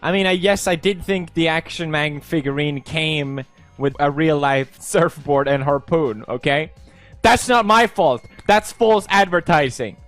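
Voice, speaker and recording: A man's voice: on the high side, a little slow, a bit bright, soft background music. A young man from Sweden reading posts aloud in casual commentary, sarcastic and playful, laughing often.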